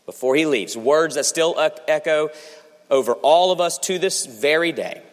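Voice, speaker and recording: A man delivers an earnest sermon, his fairly high voice climbing and pressing harder when he drives a point home. He sometimes stumbles and restarts mid-phrase. His words ring out with a long reverb, as in a large church hall. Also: moderate pace. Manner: earnest preaching, rising in pitch and force for emphasis, with repeated restarts. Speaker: pastor.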